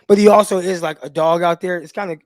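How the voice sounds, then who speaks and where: A high-pitched man co-hosting a sports podcast, telling stories in a lively way and acting out the quotes. His voice sounds dry and close to the mic. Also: quick pace, no echo. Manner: animated storyteller, acts out quotes. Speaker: podcast co-host, former cornerback. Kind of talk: casual sports podcast chat.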